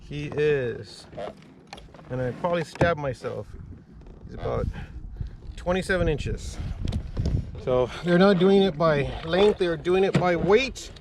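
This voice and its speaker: Fishing vlogger on a kayak, excitable and foul-mouthed, slightly high voice, loud outdoor noise. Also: male voice, takes it slowly, creaky, long pauses. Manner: excitable, swears often, talks to viewers. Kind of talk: casual vlog narration.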